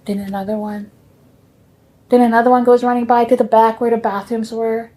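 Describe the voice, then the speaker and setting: A woman telling her family's stories in a gentle, unhurried way, with soft pauses. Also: a little high, flat delivery. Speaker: storyteller.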